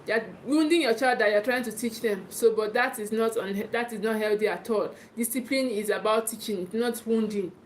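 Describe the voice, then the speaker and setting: A woman parenting coach speaks in a live teaching session with a Nigerian English accent. Her voice sits a little high. She drives her points home, circling back over phrases and checking in with "okay". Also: fairly quick, few pauses, a little hiss or hum. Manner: emphatic, repeats and restarts phrases, often checks in with "okay".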